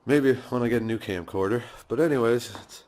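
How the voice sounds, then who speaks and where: Filming on a handheld phone in his home garage, a man rambles through a laid-back vlog, cursing casually and laughing a lot. His voice sits at medium pitch, slightly mellow, with a brisk pace.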